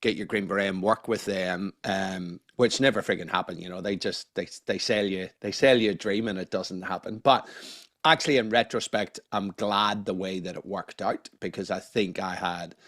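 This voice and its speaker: A man's voice: sits low, steady tone, normal speed, a bit bright, dry recording, studio quality. A middle-aged man with a Northern Irish accent touched by Australian vowels, telling his story candidly in a casual interview, now and then swearing. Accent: Northern Irish with a slight Australian tinge. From Northern Ireland. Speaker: guest, neuroscientist.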